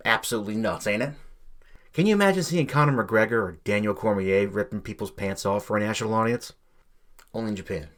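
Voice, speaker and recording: A man's voice: lowish voice, fast talker, fairly bright tone. A man hosting a podcast, teasing and building hype for upcoming episodes. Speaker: podcast host. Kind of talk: hyped show announcement.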